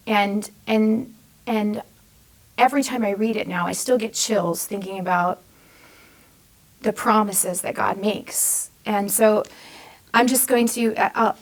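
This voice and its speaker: A woman's voice: medium pitch, poor audio. A young adult woman giving a Lenten reflection in an earnest, conversational way, with frequent ums and restarts. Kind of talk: personal faith testimony and scripture reading.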